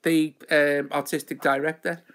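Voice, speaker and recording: Chatty man with a higher voice. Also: little pitch movement, moderate pace, fairly bright tone. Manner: rambling, chatty, self-mocking. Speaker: host of a live show. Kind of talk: casual live-stream chat.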